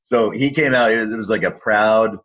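A man who works as an arena announcer, telling animated stories in an interview. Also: fairly low pitch, a little fast, dull audio. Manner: animated storyteller, lively, acts out quotes. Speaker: arena public address announcer. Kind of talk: storytelling in a podcast interview.

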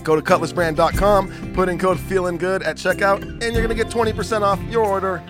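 A man's voice: high-pitched, fairly even intonation, brisk, over music. A man co-hosting a podcast, chatting loosely with lots of swearing and reading sponsor plugs. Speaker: podcast co-host. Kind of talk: casual podcast chat.

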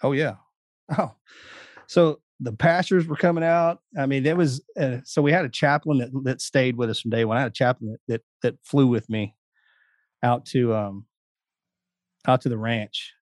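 A man's voice: medium pitch, moderate pace, no room sound. Man, guest, folksy storyteller, close and dry. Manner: folksy, laughing asides. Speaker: guest, Navy SEAL veteran. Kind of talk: casual storytelling.

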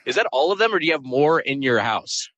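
Bright, wry man hosting a call-in. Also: mid-range voice, sing-song, no room sound, highs cut off. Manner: rambling, halting restarts, wry. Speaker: podcast host. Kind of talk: casual live call-in chat.

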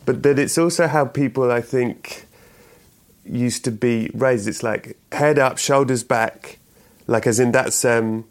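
A man's voice: medium pitch, fairly even intonation, a little slow. A middle-aged man, a guest in an interview, talking in a rambling way with restarts and chuckles. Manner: rambling, self-correcting, chuckles often. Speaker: actor and writer guest. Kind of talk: relaxed interview chat.

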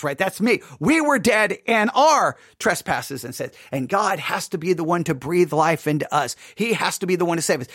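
A man's voice: a little high, fairly bright tone, breathy edge, no echo, clean studio sound. A man giving an earnest late night devotional talk as a pastor, repeating and correcting himself as he goes. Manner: earnest, repetitive, self-correcting.

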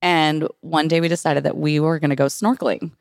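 A woman's voice: sits low, steady tone, brisk, vocal fry, no echo, studio quality. A woman hosting a podcast, chatting casually and laughing as she draws out her guest's stories. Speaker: podcast host. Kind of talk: casual interview chat.

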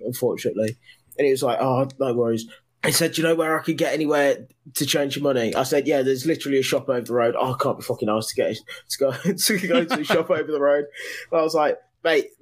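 An English man telling a funny story in casual chat, laughing and swearing as he quotes people. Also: medium pitch. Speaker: podcast host telling a story. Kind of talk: casual anecdote.

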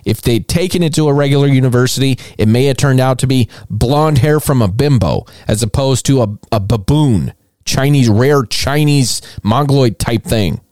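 A man's voice: mid-range voice, normal speed, a little mellow, no room sound, clean studio sound. A man hosting a comedic podcast, retelling strange stories with irreverent mockery and frequent swearing. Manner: irreverent, mocking, swears often, laughs at own material. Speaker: podcast host.

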